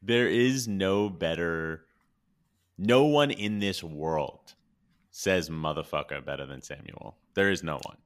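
A man with an extremely deep, low-sitting voice recaps favorite scenes in an easygoing podcast chat. He laughs often and swears freely, with a relaxed, loose delivery. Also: takes it slowly. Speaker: podcast co-host. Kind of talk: casual chat.

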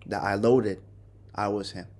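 Low-voiced man, halting and remorseful. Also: fairly even intonation, darkish tone. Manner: halting, restarts, raw and remorseful. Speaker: podcast host. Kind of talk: personal confession monologue.

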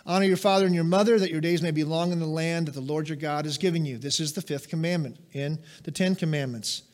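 A man's voice: fairly high pitch, fast talker, darkish tone. A middle-aged man preaching a sermon, emphatic and asking the congregation questions. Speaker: pastor.

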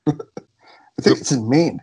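A man's voice: mid-range voice, animated, a little slow, a little mellow, husky. A man co-hosting a podcast in casual chat, teasing his partner with amusement. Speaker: podcast co-host.

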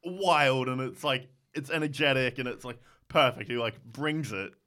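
A man's voice: medium pitch, normal speed. A young man co-hosting a podcast, chatting casually about a film, with lots of "like" and "yeah". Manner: lively, many fillers like "like" and "yeah". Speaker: podcast co-host. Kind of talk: casual film review chat.

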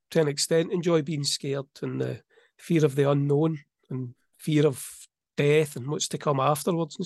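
There's a gravelly edge to this middle-aged podcast co-host's somewhat high, bright voice as he chats casually. His manner is easygoing and dry-humored with some self-mockery, recorded up close with no echo or room tone.

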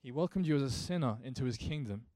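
A man's voice: mid-range voice, animated, fast, darkish tone, no room sound. A male pastor preaching a sermon earnestly, building to emphatic rhetorical questions.

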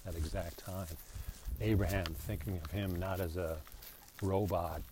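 A man's voice: low voice, steady tone, measured pace. A man hosting a casual podcast while walking his dog outdoors, talking in a chatty, meandering way full of restarts. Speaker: podcast host. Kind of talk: casual rambling monologue. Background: pool pump noise.

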